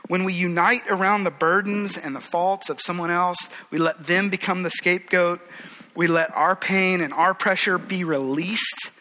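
A man preaching a sermon in an earnest, conversational way, sometimes dropping to a hushed plea and then rising with fervor. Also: high-pitched, fairly even intonation, moderate pace, rough recording. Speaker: pastor.

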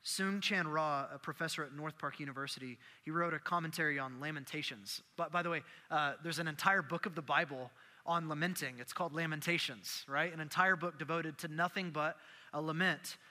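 A man preaching a sermon, animated and acting out the prayers and voices he quotes. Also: on the high side, a little fast, in a large hall. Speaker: pastor.

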